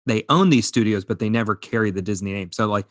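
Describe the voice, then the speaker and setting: A man's voice: lowish voice, fast talker, dry recording, clean studio sound. A man in his thirties co-hosting a podcast, telling a family story in casual chat, acting out his toddler and laughing as he goes. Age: 30s. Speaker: podcast co-host.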